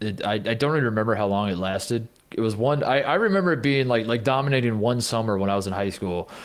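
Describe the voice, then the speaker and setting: A man's voice: on the low side, animated, fast. A man in his thirties co-hosting a sports podcast in casual chat, rambling and restarting his sentences as he tells stories. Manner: rambling, self-interrupting storyteller. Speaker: podcast co-host.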